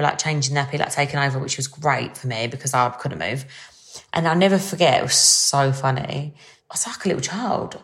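A woman's voice: low-pitched, creaky. A young woman hosting a casual solo podcast, chatty and bubbly, with lots of fillers. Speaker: podcast host.

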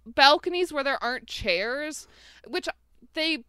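A woman's voice: high voice, animated, takes it slowly, sharp tone, no room sound. A woman co-hosting a podcast, chatting casually with fillers and easy laughter. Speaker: podcast co-host. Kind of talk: casual chat reviewing a TV episode.

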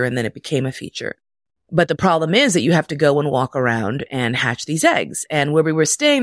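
A middle-aged woman casually telling a personal story, animated and profane, jumping into high voices when quoting. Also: no echo, clean studio sound.

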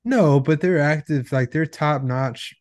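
Deadpan young male podcaster. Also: a little high, a little slow, no echo, studio quality. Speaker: podcast co-host. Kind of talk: casual chat.

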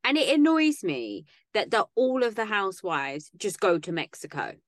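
A woman's voice: mid-range voice, very animated, moderate pace, no echo, clean studio sound. A woman co-hosting a podcast in casual chat, sarcastic and chatty, tripping over words now and then. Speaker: podcast co-host.

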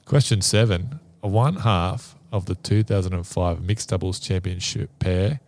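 Male quiz host, gravelly low register, jokey, laughs easily. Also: measured pace, darkish tone. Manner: laughing, matey banter. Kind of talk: casual podcast quiz.

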